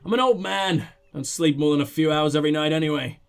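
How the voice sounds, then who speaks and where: A man's voice: a little high, fast talker, gravelly, clean tone, voice pushed down. A man playing a proud old royalist guard. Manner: dignified, aloof.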